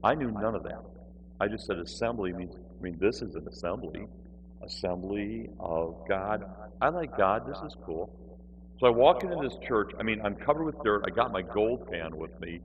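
A man recounting a funny personal testimony with a lively, swooping delivery and a mid-range voice. He pokes fun at himself as he goes. The recording is a little muffled, with a faint hum underneath. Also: fairly low pitch, normal speed. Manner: animated, self-deprecating, acts out voices. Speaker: storyteller. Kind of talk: humorous personal testimony storytelling.

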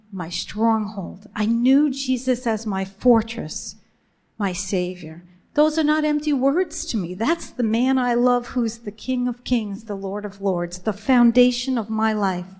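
A woman's voice: on the high side, darkish tone. Earnest woman giving a faith testimony. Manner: earnest and emphatic, slows down on key phrases. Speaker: speaker sharing her faith testimony. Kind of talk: personal faith testimony to a women's gathering.

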